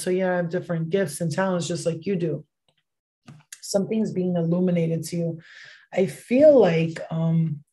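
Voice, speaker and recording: A woman's voice: on the low side, mellow. A woman giving a casual livestream tarot reading, chatty and rambling, swearing casually as she goes. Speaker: tarot card reader.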